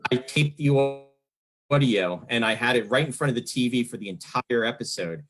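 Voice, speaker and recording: A man's voice: mid-range voice, lively intonation, moderate pace, rough recording. A man in his fifties from New Jersey hosting an interview, talking in a rambling, enthusiastic way as a longtime fan, with lots of fillers. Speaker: podcast host. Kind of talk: casual interview chat.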